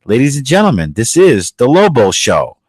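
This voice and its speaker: A man's voice: medium pitch, huge pitch swings, moderate pace, a little mellow, breathy edge, no echo, low-quality recording. A man hosting a podcast, ranting aggressively with heavy swearing and mocking the people he talks about. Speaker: podcast host. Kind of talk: profane ranting commentary.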